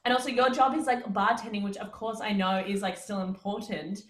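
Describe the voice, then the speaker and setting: A woman's voice: mid-range voice, a little fast, echoey room. A woman co-hosting a podcast, casually chatting, blunt and swearing freely as she retells scenes. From Australia. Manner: blunt, swearing, animated retelling with quoted lines. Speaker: podcast co-host. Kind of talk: casual chat.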